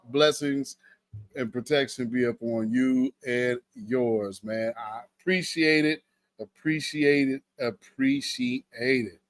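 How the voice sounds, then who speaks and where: A man's voice: fairly high pitch, dry recording. A man hosting a livestream, talking to his viewers with an emphatic, preacherly cadence. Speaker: livestream host. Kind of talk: livestream commentary.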